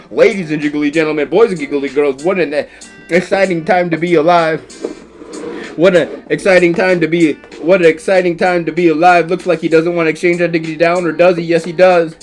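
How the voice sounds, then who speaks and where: A man commentating a chess game as comedy, stuffing his lines with rhyming nonsense words and silly squeaky exclamations. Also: fairly quick, soft background music.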